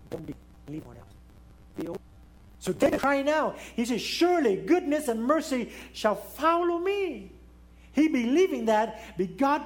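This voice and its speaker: A man preaching a sermon in non-native English, swinging between raised exclamations and hushed, low pleading. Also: slight background noise.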